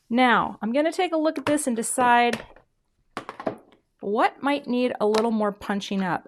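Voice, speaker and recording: A middle-aged woman hosting a craft video, chatting casually and self-deprecatingly as she works, often dropping to soft murmurs mid-task. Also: fairly high pitch, animated, measured pace, slight background noise. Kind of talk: casual crafting demo chat.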